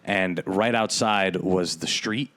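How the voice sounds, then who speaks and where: Young guy hosting a podcast, low voice, rambly and swears a lot, lots of ums. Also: slow pace, fairly bright tone. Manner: rambling, profane, lots of fillers. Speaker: podcast host. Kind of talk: casual storytelling chat.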